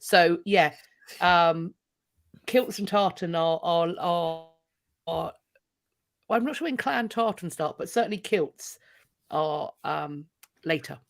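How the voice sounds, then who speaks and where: A woman's voice: fairly low pitch, takes it slowly, creaky, pauses often. Hesitant woman stumbling over her words. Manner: hesitant, repeats words while thinking. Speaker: livestream co-host reading chat. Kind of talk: casual chat.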